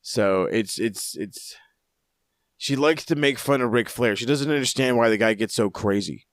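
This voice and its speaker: Male co-host, casual rambling recaps with crude jokes, mid pitch, dry close sound. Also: moderate pace, no echo. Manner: rambling, profane, jokey recaps. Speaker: podcast co-host. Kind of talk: casual wrestling review chat.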